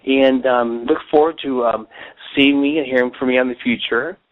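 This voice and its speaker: A man's voice: mid-range voice, fairly even intonation, normal speed. Man talking over a tinny phone line. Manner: rambling, many fillers and restarts. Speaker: psychic advisor hosting a call-in show. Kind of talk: solo call-in radio talk with guided meditation.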